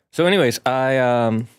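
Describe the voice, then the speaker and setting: A man's voice: medium pitch, clean tone. Chatty man streaming as a game master. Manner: animated, chatty, rambling. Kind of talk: casual live-stream chat.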